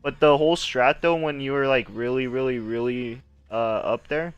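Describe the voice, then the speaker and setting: A man in casual gaming talk, laid-back but loud and animated when he tells stories of matches. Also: medium pitch, normal speed, dull audio.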